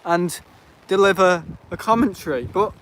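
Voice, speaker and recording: A man's voice: high-pitched, lively intonation, moderate pace. Aggrieved man rambling on an outdoor stream. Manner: rambling and aggrieved, many fillers. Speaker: livestream host. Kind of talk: casual live-stream chat. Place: outdoors at an airport visitor park. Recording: noisy outdoor stream audio.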